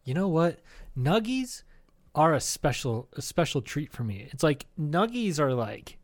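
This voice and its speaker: A man's voice: fairly high pitch, very animated, unhurried. A man co-hosting a comedy podcast in casual chat, rambling and profane, tossing in "dude" constantly. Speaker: podcast co-host.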